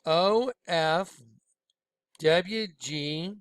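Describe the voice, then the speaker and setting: A man talks in an urgent, preachy way, swinging between loud outbursts and low, hushed asides. His voice sits a little high and sounds smooth and clear. The sound is dry and close, with no room echo. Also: drawn-out words. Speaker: video host. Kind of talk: conspiratorial commentary on images.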